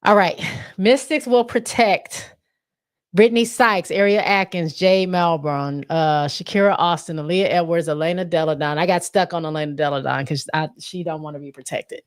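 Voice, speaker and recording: A woman with a slightly low voice hosts a relaxed sports livestream. She reads viewer comments aloud, laughs easily, and trips over hard names as she goes. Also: normal speed. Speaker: livestream host. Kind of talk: casual sports livestream chat.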